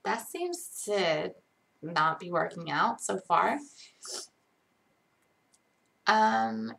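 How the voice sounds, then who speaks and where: A young woman casually answering chat questions on a live stream, hesitant, with frequent ums and pauses. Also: mid-range voice, animated, vocal fry, sharp tone.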